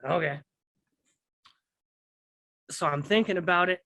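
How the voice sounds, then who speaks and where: A man's gravelly voice sits high and comes across pushed and bright, moving a little slowly with no echo. As a guest, he rambles in street slang about his prison days and keeps asking "you know what I mean."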